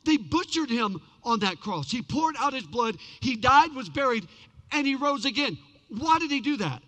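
A man preaching a sermon, telling a story with big swings from shouted peaks to hushed lows. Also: sing-song, normal speed. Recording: long hall reverb.

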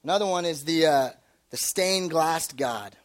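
A young male youth pastor delivers a sermon in a loose, conversational style, quickly slipping into acted-out voices to drive home his points. His voice is high for a man, and his manner is casual and animated.

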